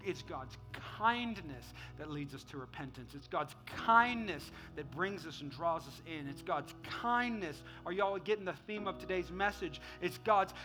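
A man in middle age delivers a sermon with a high, ringing voice. He is playful and laughs at his own jokes, and he moves between loud, acted-out moments and hushed, sincere stretches. Faint music sits under his voice. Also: unhurried, few pauses. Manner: animated, swings from loud acted-out bits to quiet earnest talk. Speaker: pastor.

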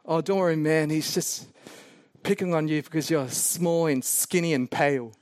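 A man's voice: on the high side, normal speed, no room sound, voice pushed down, close to an everyday voice. A man as a tall, reassuring soldier friend. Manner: offhand reassuring.

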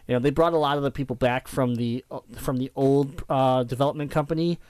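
A man co-hosting a casual chat about video games, rambling and acting out his own excited reactions. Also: mid-range voice, brisk, no room sound. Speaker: podcast co-host.

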